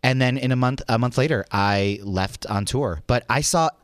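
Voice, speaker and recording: A man telling animated, profane stories in a casual chat as a guest. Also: medium pitch, normal speed, clear, resonant tone, dry recording, clean studio sound. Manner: animated, profane, acts out quotes. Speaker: podcast guest. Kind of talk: casual storytelling.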